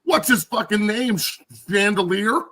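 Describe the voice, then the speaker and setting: A man co-hosting a sports talk show, profane and incredulous, breaking into shouts. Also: high-pitched, lively intonation, unhurried. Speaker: co-host. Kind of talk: casual sports chat.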